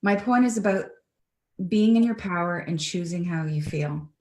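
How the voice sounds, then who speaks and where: A woman's voice: lowish voice, normal speed, darkish tone, reverberant. A Canadian woman speaking earnestly and reflectively as an interview guest over a video call.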